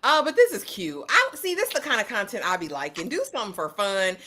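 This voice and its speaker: A woman co-hosting a casual panel chat, quick and joking with emphatic slang. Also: mid-range voice, sing-song, sharp tone. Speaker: panel co-host. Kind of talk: casual chat reacting to viral clips.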